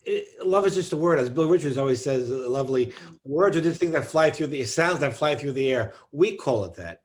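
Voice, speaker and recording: A man answering on a discussion panel about research, thoughtful and halting, with many restarts. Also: medium pitch, animated. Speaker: psychedelic researcher.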